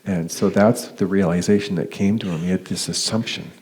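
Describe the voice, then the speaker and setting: A deep-voiced man speaks at a talk, recounting his experience in a loose, conversational way. His delivery is hesitant, full of fillers and restarts. He slips into higher voices for the people he quotes. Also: fairly even intonation, brisk, a little mellow. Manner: acts out quoted dialogue with raised pitch. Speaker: conference speaker. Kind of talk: personal story told as a lecture.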